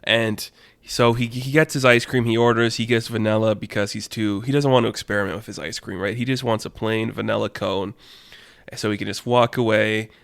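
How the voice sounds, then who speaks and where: A man's voice: on the low side, steady tone, fairly quick, gravelly, no room sound. A man telling an improvised story casually, rambling with many fillers.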